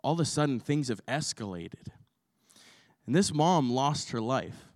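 A man's voice: medium pitch, animated, a little slow, a little mellow, dry recording, clean studio sound, big-room sound. A man preaching a sermon as pastor, telling a story with energy and asking the congregation questions.

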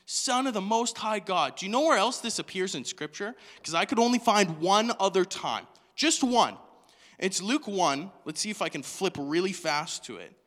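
Male preacher, high bright voice, animated sermon delivery, reverberant hall. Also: normal speed. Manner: animated, questioning the congregation, acting out voices. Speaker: pastor. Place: church hall.

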